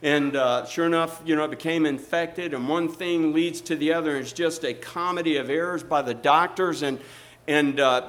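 A man telling a story in a sermon, animated and acting out the people in it. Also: fairly high pitch.

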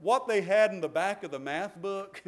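A middle-aged man delivers a sermon in a relaxed, conversational way. His voice sits high for a man. He often repeats words and adds short chuckles between points. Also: normal speed. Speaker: preacher.

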